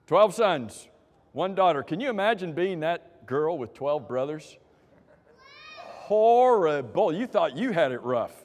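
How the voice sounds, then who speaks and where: A man's voice: on the high side, expressive, normal speed, long reverb tail. A man leading a church class through quiz questions, joking with the people who answer and calling on them by name. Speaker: Bible class teacher.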